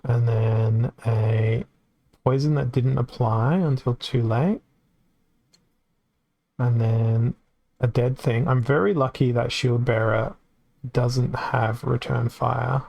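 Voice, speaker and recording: A man's voice: mid-range voice, steady tone, slow pace, creaky, long pauses, darkish tone, muffled recording. A man with an Australian accent giving casual live-stream commentary on a card game, chatty and reacting aloud as it plays out.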